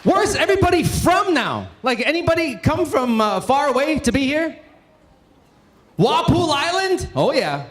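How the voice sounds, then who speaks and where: A man's voice: very high-pitched, big pitch swings, moderate pace, a bit bright. A man from Northern Ontario hosting a conference, joking and rousing the crowd with call-outs. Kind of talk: energetic event hosting. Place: large conference hall. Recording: echoey hall with faint room noise.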